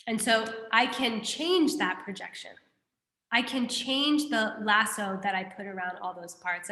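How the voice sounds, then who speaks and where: Lively and conversational, a female teacher walks her class through a Buddhist text and questions her students along the way. She speaks unhurriedly at medium pitch in an echoey room.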